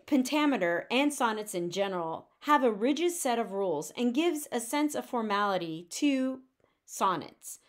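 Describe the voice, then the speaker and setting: A woman teacher giving a recorded lecture on poetry, explaining clearly and reading verse aloud slowly. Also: fairly high pitch.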